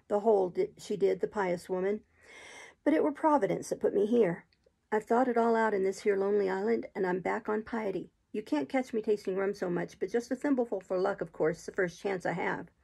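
A woman voicing a wild, marooned old male sailor in an audiobook reading, talking in rough sailor's dialect, eager and sly. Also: medium pitch, mellow.

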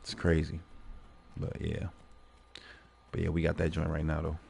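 A man streaming games, telling stories in a profane, animated way and laughing often between lines. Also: extremely low pitch, normal speed, gravelly, slight background noise. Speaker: gaming livestreamer. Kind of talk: casual livestream commentary.

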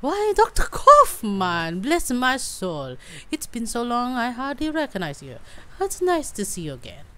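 A woman's voice: on the high side, huge pitch swings, measured pace, few pauses, sharp tone, a little hiss or hum, pitched above the performer's own voice, heavily acted. A woman voicing a flustered older female housekeeper in a game, fussy and apologetic.

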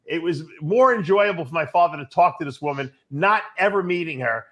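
Brief: talkative male host, casual and reflective, somewhat high pitch. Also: lively intonation, fairly quick, a loud crowd. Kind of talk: casual conversation.

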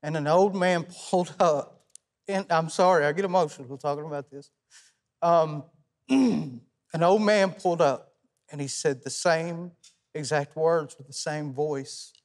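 A young man with an East Tennessee accent, a musician guest on a talk show, telling his story softly with many pauses and ums. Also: on the high side. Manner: soft-spoken and halting, many ums.

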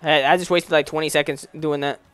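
A young man giving casual commentary while playing a basketball video game, slangy and excitable, calling out plays to the game. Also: fairly high pitch, a little fast, clear, resonant tone, no echo, soft background music. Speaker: gaming YouTuber.

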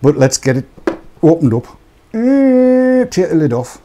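A man's voice: a little high, very animated, measured pace, warm tone, slight background noise. A man hosting a live show, chatting and joking off the cuff as he rambles through products. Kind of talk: casual live-stream chat.

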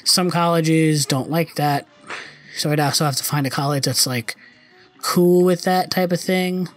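A man's voice: fairly high pitch, steady tone, unhurried. Young man, casual gameplay commentary, frustrated cursing, game music behind. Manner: frustrated, swearing, muttering.

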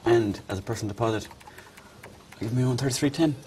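A man's voice: medium pitch, quick pace, a little mellow, slight background noise, natural voice. A man playing a cheeky young Irish joker. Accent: Irish, Mayo. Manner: joking, cheeky, crude.

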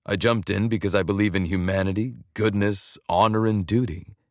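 A man doing a blunt, deep-voiced ex-soldier. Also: fairly even intonation, moderate pace, dry recording, clean studio sound, close to an everyday voice. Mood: steady. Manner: blunt, terse. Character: blunt, honorable man, a former soldier in his late twenties.

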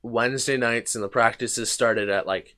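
A man's voice: medium pitch, steady tone, moderate pace, bright, forceful tone. Young man rambling through a story. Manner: rambling anecdotes with frequent restarts and swearing. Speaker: podcast host. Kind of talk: casual storytelling chat.

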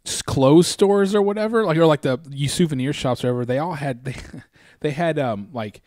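A male podcast host in easy, rambling chat, full of ums and uhs, his voice sinking softer as each thought winds down. The sound is dry and close, with no room around it. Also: on the high side, brisk, dry recording. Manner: rambling, filler-heavy, trailing off quietly. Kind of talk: casual chat.

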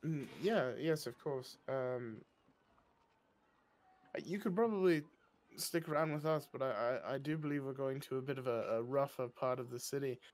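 A man from Canada playing a character, speaking hesitantly with frequent pauses and restarts. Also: mid-range voice. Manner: hesitant, full of ums and restarts. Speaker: player. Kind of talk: in-character role-play.

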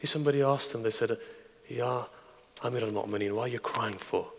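A man preaching a grieving, impassioned mourning sermon, moving from hushed asides to loud lament in a large hall. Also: medium pitch, brisk, gravelly, noisy background. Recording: long hall reverb.

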